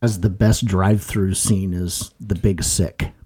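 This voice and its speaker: A man co-hosting a podcast, chatting casually in a rambling way, laughing often and acting out scenes loudly. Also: low voice, steady tone, unhurried, music in the background. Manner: rambling, laughs a lot, acts out scenes in a loud voice. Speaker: podcast co-host. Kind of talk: casual chat.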